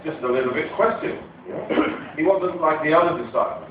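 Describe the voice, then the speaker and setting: A man's voice: a little high, fast, far from the mic, background noise. A man doing a rambling, playful stand-up routine, slipping into silly character voices. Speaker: stand-up comedian. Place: comedy venue stage with audience. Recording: live stage audio, tinny and roomy, loud crowd laughter. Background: audience laughter.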